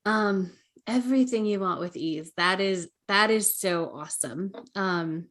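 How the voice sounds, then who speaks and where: A woman's voice: mid-range voice, a little slow, a bit bright. A woman hosting an interview podcast, enthusiastic and encouraging, laughing often. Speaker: podcast host and coach. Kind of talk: casual interview chat.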